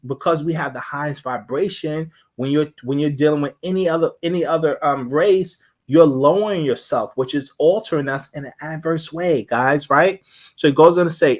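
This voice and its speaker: A man's voice: a little high, fairly bright tone. A man giving a casual live-streamed lecture, rambling and repeating himself as he sounds out syllables.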